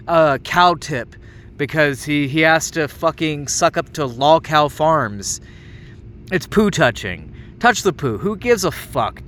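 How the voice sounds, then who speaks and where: Man, late 30s, fuming solo rant with constant swearing and tripping restarts, voice sitting a bit high, faint traffic hum behind. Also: fairly bright tone. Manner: angry, heavily profane, stumbling restarts. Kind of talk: ranting monologue.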